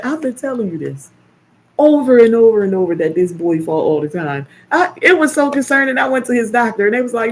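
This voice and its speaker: An older woman hosting a casual live stream, chatting and telling animated stories with playful teasing. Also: medium pitch. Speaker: live stream host, caregiver. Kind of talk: casual chat.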